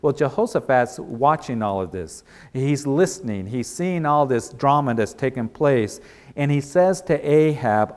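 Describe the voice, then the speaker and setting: A man's voice: medium pitch, expressive, measured pace, darkish tone. A male pastor delivering a sermon, retelling a story and driving points home with repeated, emphatic phrases.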